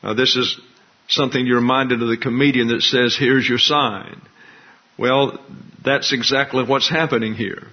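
Male pastor, mid-pitched, deliberate teacherly sermon delivery, muffled lo-fi sound. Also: level tone. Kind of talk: expository sermon. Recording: dull lo-fi recording.

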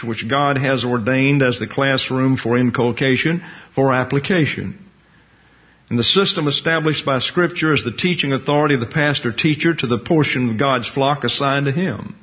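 A man preaching a sermon to his congregation in a church. He teaches in a folksy way, with jokey asides. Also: mid-range voice. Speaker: pastor-teacher. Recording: dull lo-fi sermon recording.

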